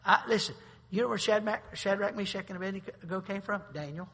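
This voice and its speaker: A man pastor preaching a sermon, swinging between loud bursts and quiet asides. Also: high-pitched, fast, a little hiss or hum. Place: church sanctuary. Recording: long reverb of a large hall.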